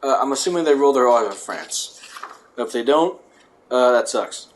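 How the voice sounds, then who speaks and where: Wry man reading aloud haltingly. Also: mid-range voice, expressive. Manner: stumbling, self-correcting reader with wry asides. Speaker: vlogger. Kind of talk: casual reading aloud with joking asides.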